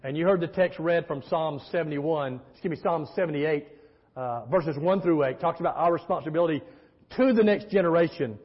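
A man's voice: on the high side, fairly quick, breathy edge. A man preaching a sermon as pastor, emphatic, with call-and-response and storytelling. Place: church sanctuary. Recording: echoey hall, muffled sound.

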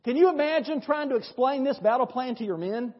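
A man's voice: extremely high pitch, a little fast, breathy edge. Male pastor, storytelling sermon, dull lo-fi church recording with a long hall echo. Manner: lively storytelling, conversational, with rhetorical questions. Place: church sanctuary.

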